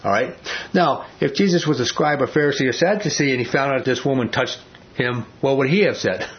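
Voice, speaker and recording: A man's voice: mid-range voice, brisk. A man leading an informal Bible study, talking conversationally and often asking the class questions. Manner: conversational, asks the class questions, many fillers. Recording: dull lo-fi recording.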